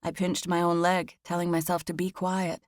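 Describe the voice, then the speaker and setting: A woman narrating a first-person audiobook on a close studio mic, expressive and lively, and rising high for the heroine's nervous dialogue. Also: moderate pace, no room sound.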